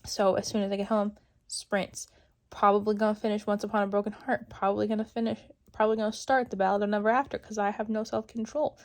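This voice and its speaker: A young woman book vlogger chatting casually to the camera, excitable and chatty, sometimes dropping into a whisper. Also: medium pitch, fast. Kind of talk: casual vlog chat to camera. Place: in a car on the way to a salon.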